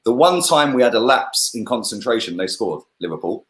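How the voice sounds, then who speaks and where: A man giving a casual, animated football review on a livestream, full of "yeah?" and "bruv". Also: mid-range voice, fairly quick, reverberant. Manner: animated, lots of "yeah?" and "bruv", laughs often. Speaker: football channel host.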